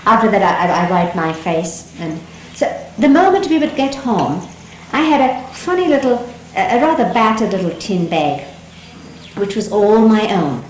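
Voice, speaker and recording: A middle-aged woman, a native Dari speaker, recalls memories in a gentle, reflective way, pausing and restarting often. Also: mid-range voice, sing-song. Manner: gentle, unhurried, reflective, with many pauses and restarts. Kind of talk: reminiscing storytelling talk. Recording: roomy archival 1970s tape with faint hiss.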